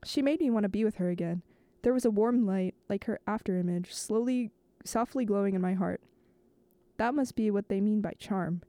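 Mellow-voiced woman reading a novel aloud. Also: mid-range voice, no echo. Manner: slow, measured, with stumbles and restarts.

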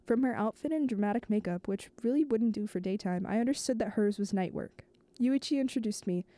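Her voice sits in the mid range with a dark tone and no room sound. She's a host reading a novel aloud at a slow, measured pace, sometimes tripping and starting a phrase over.

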